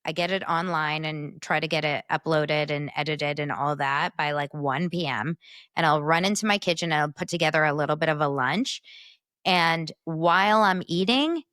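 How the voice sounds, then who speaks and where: Teasing woman podcast co-host, low voice. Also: normal speed, a bit bright, no echo, studio quality. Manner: teasing, laughs often. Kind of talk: casual podcast chat.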